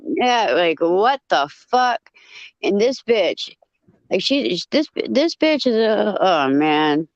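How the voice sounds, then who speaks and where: A woman telling a story in casual chat, blunt and profane, with animated retelling. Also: medium pitch, slow pace, dry recording, lo-fi sound.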